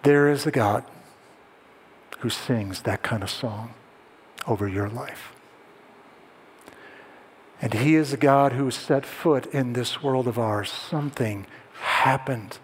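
A male pastor delivers a sermon in a voice of ordinary pitch, shifting between lively storytelling and quiet, hushed emphasis. His words ring out with a long reverb, as if spoken in a church hall. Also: takes it slowly, pauses often, a little hiss or hum. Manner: storytelling, drops to soft hushed tones for emphasis.

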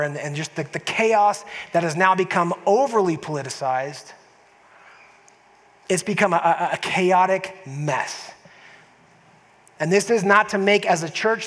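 Pastor preaching in a reverberant church. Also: male voice, high voice, a bit bright. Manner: conversational, with repeated restarts and emphatic asides. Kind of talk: sermon. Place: church sanctuary. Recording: long church hall reverb.

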